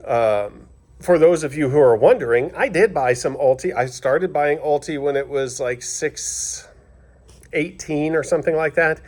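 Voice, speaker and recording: A man vlogging casually about investing while grilling outdoors, folksy and jokey, tagging "all right?" and "okay?" onto his sentences. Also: fairly high pitch. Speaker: finance vlogger. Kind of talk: casual chat to camera.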